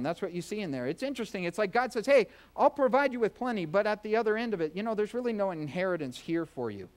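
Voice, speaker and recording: A male pastor delivers a sermon in a church, with a fairly high voice. He talks in a folksy, joking way and acts out quick voices. The tone stays conversational as he teaches.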